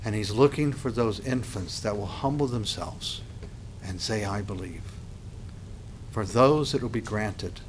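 A man preaching a sermon as a pastor. He rises sharply in pitch and volume when he reads scripture aloud. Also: unhurried, a little hiss or hum.

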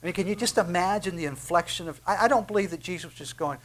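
A man's voice: high voice, fast, few pauses. A man preaching a sermon, fervent and swelling to emphatic peaks, with frequent restarts.

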